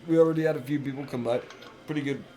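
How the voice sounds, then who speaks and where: Relaxed young man streaming a game. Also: mid-range voice, rapid-fire. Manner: relaxed, rambling storytelling. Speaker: live streamer. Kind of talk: casual chat while gaming. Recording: music playing behind.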